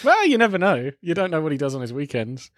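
A man in casual film chat, enthusiastic and quick to chuckle, dropping joking asides. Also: a little high, huge pitch swings, no echo, clean studio sound.

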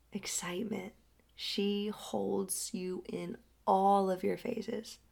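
A young adult woman speaking slowly and softly as a healing guide, often sinking into a breathy half-whisper. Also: mid-range voice. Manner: slow, soft and drawn out, often dropping into a breathy half-whisper. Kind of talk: reflective spoken storytelling.

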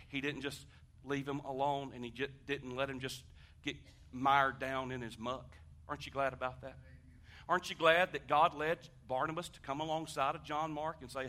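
A man preaching a sermon, conversational and animated, asking the congregation questions and swinging from hushed talk to shouting. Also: mid-range voice, moderate pace. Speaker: pastor.

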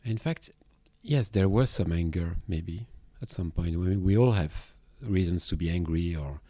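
A Belgian man with a French accent talks through a solo podcast as a therapist, thoughtful and a little halting. His voice sits low and mellow. The sound is close and dry, with no room around it. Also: breathy edge, no echo. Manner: reflective, with hesitations and restarts. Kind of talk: podcast monologue on emotions.

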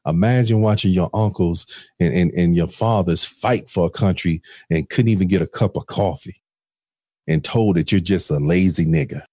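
A man's voice: deep voice, moderate pace, mellow, breathy edge, no room sound, clean studio sound. A man co-hosting a podcast, giving an impassioned warning. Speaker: podcast co-host. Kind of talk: impassioned commentary.

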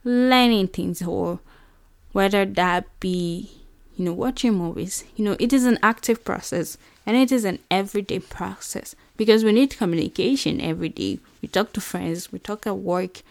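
A woman's voice: medium pitch, normal speed, vocal fry, darkish tone, dry recording. A young adult woman from Nigeria with a Nigerian English accent, hosting a reflective personal monologue in an earnest way, full of "you know" and "like". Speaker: podcast host.

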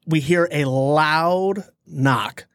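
Guy cohost telling a wild story, builds it up slow, dry mic. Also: on the high side, smooth, dry recording. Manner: animated storyteller, dramatic pauses. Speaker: podcast co-host. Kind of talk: casual storytelling chat.

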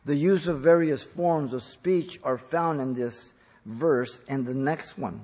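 A man preaching a teaching sermon on scripture, stressing key words loudly and then dropping to quiet asides. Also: a little high, takes it slowly. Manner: emphatic, swings from loud stresses to quiet asides. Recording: long reverb of a large hall.

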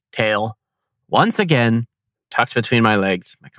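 A man casually telling a hunting story on a podcast, animated and slangy, acting out his own thoughts. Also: medium pitch, moderate pace, no room sound.

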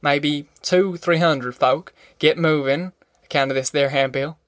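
A man's voice: fairly high pitch, steady tone, measured pace, a bit bright, dry recording, clean studio sound. A man voicing a bitter, worn-down male migrant in an audiobook, with a sly, mocking manner and a drawl. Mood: weary. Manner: sly, mocking giggles turning grim and weary.

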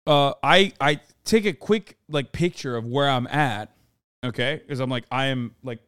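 A young man hosting a podcast, telling a story in animated, casual chat and acting out quoted people. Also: medium pitch, measured pace, clear, resonant tone, dry recording, studio quality. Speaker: podcast host.

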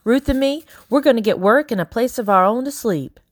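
A woman's voice: a little high, brisk, no room sound, clean studio sound, voice pushed up, close to an everyday voice. A woman reading an audiobook, voicing an earnest young girl who stays carefully polite. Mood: insistent. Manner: earnest, pleading, carefully proper. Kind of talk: audiobook character voice.

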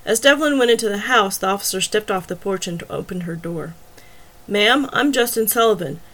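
A woman's voice: medium pitch, lively intonation, fairly quick, a bit bright. Woman narrating an audiobook thriller. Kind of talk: scripted narration.

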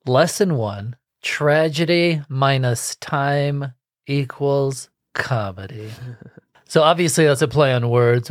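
A man in his forties talks casually on a podcast, deadpanning his jokes at an easy middle pitch. The sound is close and dead dry, with no room at all. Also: no echo. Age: 40s. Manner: dry, joking delivery. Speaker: podcast co-host.

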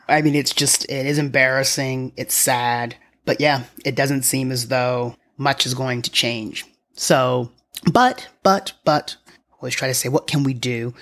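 Solo podcast host, mid-pitched, wry and conversational, thinking aloud in a quiet home apartment.

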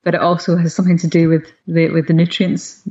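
A woman in a casual chat, explaining evidence on food in a measured, careful way. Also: lowish voice, little pitch movement, dark tone. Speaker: nutrition expert co-host. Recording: dull lo-fi sound.

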